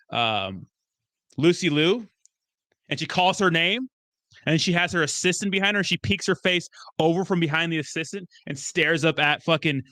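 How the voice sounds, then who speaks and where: A young man chatting casually as a streamer, rambling and excitable, swearing often and breaking into laughs. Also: on the high side, no echo, clean studio sound. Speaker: crypto streamer. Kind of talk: casual chat.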